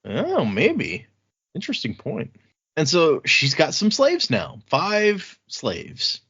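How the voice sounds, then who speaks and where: A man co-hosting a casual book podcast, retelling scenes and tossing in quick quoted lines with frequent laughs. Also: fairly high pitch, wildly swooping pitch, creaky, fairly bright tone, breathy edge. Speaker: podcast co-host. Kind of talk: casual book-club chat. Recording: dull lo-fi audio.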